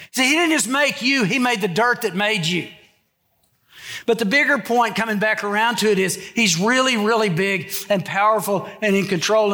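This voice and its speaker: A man's voice: a little high, fairly bright tone. A man preaching a sermon, emphatic and full of stories. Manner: emphatic, storytelling. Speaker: pastor.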